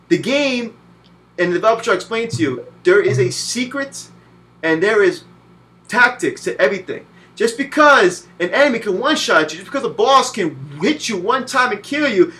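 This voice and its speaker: A man in his twenties, from Puerto Rico, giving a profane, animated video game review full of cursing and mocking voices. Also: high-pitched. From Puerto Rican. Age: 20s.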